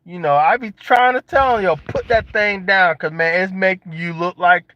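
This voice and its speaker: A young man casually joking and riffing to his viewers in a vlog, slangy and animated. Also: high voice, normal speed, no echo. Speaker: vlogger. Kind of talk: casual monologue to camera. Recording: dull lo-fi sound.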